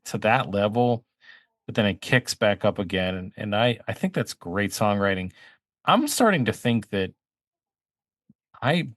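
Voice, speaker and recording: A man with a somewhat low voice co-hosting a music podcast, heard dry and close with no room sound. He praises songs warmly and teases his co-host with playful fake outrage. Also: no room sound. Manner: teasing, mock-indignant banter. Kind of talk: casual music review chat.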